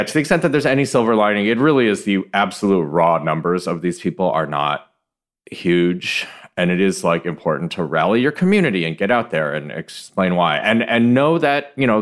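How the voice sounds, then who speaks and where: A man co-hosting a podcast in casual chat, rambling with restarts and laughing often. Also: deep voice. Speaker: podcast co-host.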